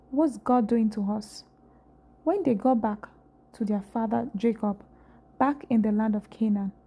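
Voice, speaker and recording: Mellow, husky woman reading scripture. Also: fairly high pitch. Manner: steady, unhurried reading with small restarts. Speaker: scripture reader.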